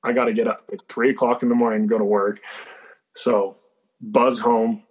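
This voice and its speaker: A young man telling a story in a casual, mid-pitched voice. He sounds relaxed. He leans on "like" in nearly every sentence and swears without a second thought. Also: moderate pace, husky, low-quality recording. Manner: says "like" constantly, swears freely. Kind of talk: casual chat.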